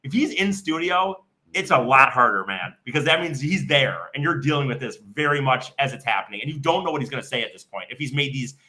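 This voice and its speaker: A man's voice: mid-range voice, expressive, fast talker, sharp tone. A man co-hosting a podcast, talking casually and explaining at length with frequent restarts. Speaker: podcast co-host.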